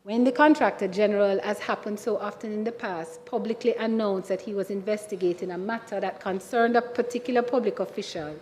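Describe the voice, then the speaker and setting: A woman senator with a Jamaican accent giving a formal parliamentary speech, measured and emphatic, repeatedly addressing the chair. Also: medium pitch, fairly even intonation, darkish tone. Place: senate chamber. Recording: reverberant chamber sound.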